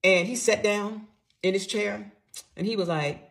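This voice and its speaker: A middle-aged woman tells a personal story in a casual monologue, her mid-range, gravelly voice moving a little slowly. She's animated and emphatic in the retelling, blunt and profane, with some swearing.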